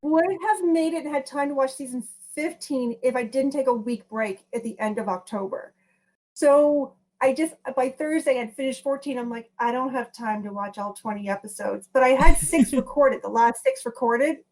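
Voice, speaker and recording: A woman's voice: high voice, normal speed, a little mellow. Chatty woman podcast host. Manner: chatty storytelling with many restarts. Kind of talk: casual podcast chat.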